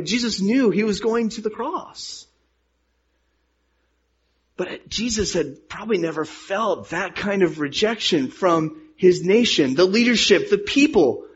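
Earnest husky male preacher. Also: a little high. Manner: earnest, rises and falls in volume. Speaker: pastor. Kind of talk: sermon with scripture reading. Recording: dull lo-fi sound.

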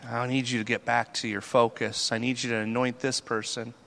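A man preaching a sermon in a conversational, animated way, acting out the people he talks about. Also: mid-range voice, a little fast, creaky. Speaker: pastor.

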